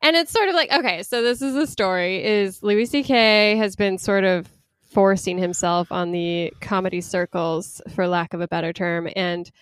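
A woman in casual conversation, chatty and quick to laugh, with lots of fillers. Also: mid-range voice, clean tone, dry recording. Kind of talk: casual chat about news.

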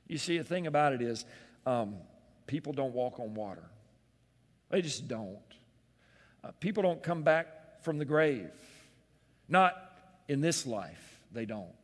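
A man preaching a sermon, acting out Bible scenes in voices and swinging from loud calls to hushed, close words. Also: mid-range voice, long reverb tail. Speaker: pastor.

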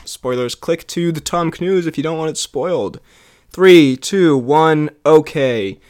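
A man's voice: a little high, unhurried, darkish tone. A man co-hosting a comedy podcast, giggly and apologetic, rambling with many fillers. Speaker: podcast co-host.

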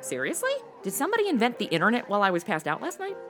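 A woman's voice: medium pitch, huge pitch swings, very fast, faint music behind. A woman acting a wisecracking sidekick in a comedic audio drama, full of sarcastic quips. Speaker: reporter's sidekick.

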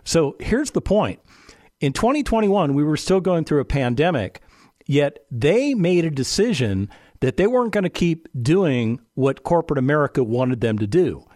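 A man hosting a radio talk show, speaking in an animated way with lots of rhetorical questions and jokey asides to his dog. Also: on the high side, moderate pace, no echo, studio quality.

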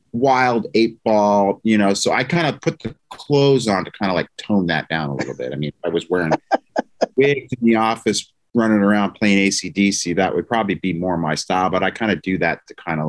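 A man speaking as an interview guest, brash and emphatic, with casual swearing. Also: sits low. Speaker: guest chiropractor.

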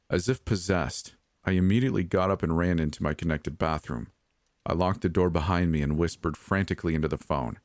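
Low voiced guy reading a spooky story, steady, dry close sound. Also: moderate pace, dry recording. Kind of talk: scripted narration of a horror story.

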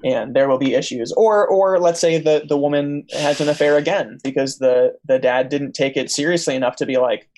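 A man's voice: fairly high pitch, moderate pace, few pauses, a little mellow, slight background noise. A young man hosting a faith podcast in casual chat, telling a story with many fillers and restarts. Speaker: podcast host.

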